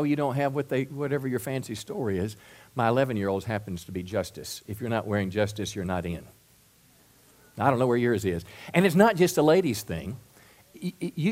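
Folksy preacher man firing rhetorical questions. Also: mid-range voice. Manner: asks the crowd many rhetorical questions; repeats and restarts words when excited. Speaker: pastor. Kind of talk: sermon.

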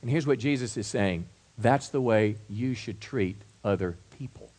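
A middle-aged pastor delivers a sermon from the pulpit. His voice sits at an ordinary male pitch, and he often restarts, repeating words on the way into a question. He drops to soft, low asides, then builds to loud, emphatic stretches. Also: normal speed, few pauses. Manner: varies loudness widely, soft asides to loud build-ups.

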